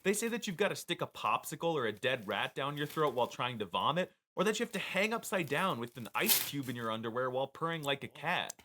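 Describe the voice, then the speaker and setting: A man's voice: medium pitch, very animated, quick pace, few pauses, pushed and bright, slight background noise. A man narrating a comedic language review video in a sarcastic, mock-serious way. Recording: played from a video with background music.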